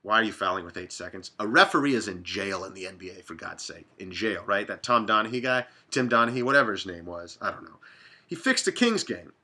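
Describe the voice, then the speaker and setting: A man's voice: on the low side, animated, fairly quick, sharp tone. A man from Dallas hosting a casual sports betting talk, blunt and profane, rambling from one game to the next. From Dallas, Texas.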